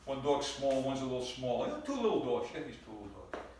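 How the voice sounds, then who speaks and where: A man's voice: medium pitch, very animated, quick pace, darkish tone. A middle-aged man doing a stand-up routine, telling his story in an exasperated way and stumbling over repeated words. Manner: stammering repetitions, exasperated storytelling. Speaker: stand-up comedian. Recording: echoey room from far off, faint noise.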